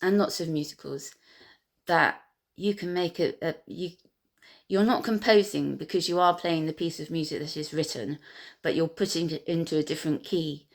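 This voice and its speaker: Gentle, hesitant woman with a lowish voice. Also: steady tone. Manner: gentle, hesitant, many pauses and fillers. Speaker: piano teacher. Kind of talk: reflective personal storytelling. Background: piano music.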